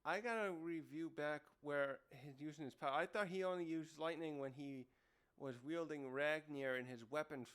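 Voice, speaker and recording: A man's voice: on the high side, a bit bright. Rambling man reviewing a comic. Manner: rambling, with many fillers and restarts. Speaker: manga reviewer. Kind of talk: casual chat.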